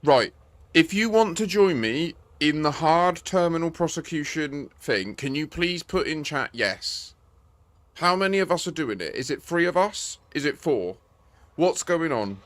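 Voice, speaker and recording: A man's voice: on the high side, lively intonation, a little slow, fairly bright tone. A young man streaming a game, talking to his squadmates and swearing as he gets exasperated. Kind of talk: live gameplay chat with squadmates.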